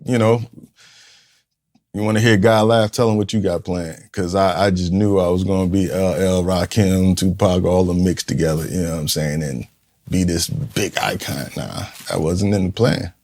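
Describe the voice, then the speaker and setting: Low-pitched and steady, with a darkish tone and moderate pace, this man in his fifties is a community leader from Newark, New Jersey, being interviewed on a podcast. He tells a raw, blunt, profane personal story in streetwise terms, vividly performing the voices he quotes.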